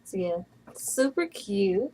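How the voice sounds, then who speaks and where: A woman's voice: mid-range voice, very animated, slow pace, mellow, slight background noise, poor audio. A woman in her thirties from Atlanta, chatting casually and playfully in a home video blog. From Atlanta, USA. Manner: chatty and playful, with bursts of laughter. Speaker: vlogger. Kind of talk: casual vlog chat.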